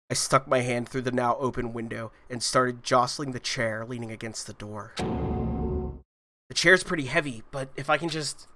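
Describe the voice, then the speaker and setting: A streamer narrating a visual novel aloud, breaking into loud swearing reactions. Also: male voice, medium pitch, a little hiss or hum.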